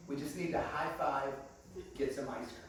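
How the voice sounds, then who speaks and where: This is a male pastor's storytelling sermon, heard from afar in a church hall with echo and background noise. His voice is mid-range and moderately paced, and he's lively and humorous, spinning funny stories and calling everyone friends.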